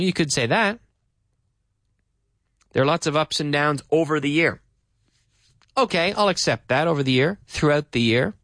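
A man's voice: a little high, fairly bright tone, no echo, studio quality. Canadian man teaching English on radio. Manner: friendly, explaining slowly with examples, reading listener messages. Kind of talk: live radio English lesson. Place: radio studio.

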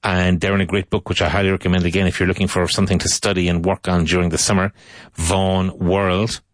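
A man with a very low voice leads an English lesson, saying each word and sentence more than once, slowly and clearly, so learners can repeat after him. The sound is close and dry, with no room around it. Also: little pitch movement, no echo. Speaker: English teacher. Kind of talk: language lesson with spoken drills.

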